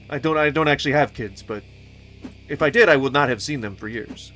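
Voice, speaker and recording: Gaming streamer, male, mid-pitched; silly rambling riffs and bursts of mock shouting over faint music. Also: fairly quick. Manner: goofy, rambling, sing-song wordplay, sudden mock yelling. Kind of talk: casual let's-play commentary.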